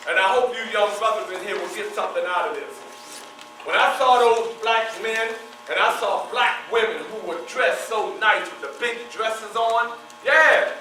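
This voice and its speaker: A man performing as a historical figure, telling his life story in the first person to a live audience, animated and asking the audience questions as he goes. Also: sits high. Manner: animated, asks the audience questions and answers them. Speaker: historical reenactor performing in character. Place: large echoey hall with an audience. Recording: echoey hall from far off, mains hum.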